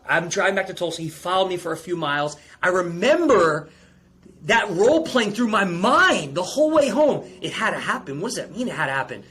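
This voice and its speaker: A man who is a performance coach, telling a personal story with intense, rising emotion as a podcast guest. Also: high-pitched. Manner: intense, rising to near-shouting peaks, calls listener bro.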